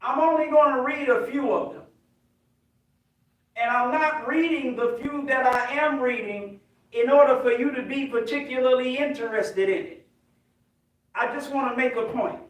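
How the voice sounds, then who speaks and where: An American man, a minister, preaching a sermon with call and response, emphatic and rising to shouts. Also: very high-pitched, moderate pace. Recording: very echoey hall, distant mic.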